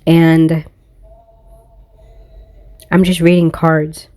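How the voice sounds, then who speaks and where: Woman tarot reader, phone-recorded rant, lowish voice, confrontational and profane, dry. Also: little pitch movement, drawn-out words, warm tone, no echo. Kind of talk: casual tarot reading monologue.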